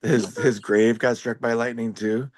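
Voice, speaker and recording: A man's voice: medium pitch, flat delivery, unhurried, darkish tone, dry recording, clean studio sound. Rambling man in casual podcast chat. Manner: rambling, heavy use of "like" fillers; wry, joking. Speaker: podcast panelist living with epilepsy.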